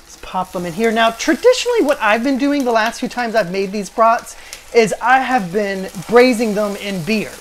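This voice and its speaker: At his home kitchen stove, a man in his late 40s hosts a casual cooking vlog, chatting enthusiastically and drifting into rambling asides. His voice is high and expressive at a normal speed, with slight background noise.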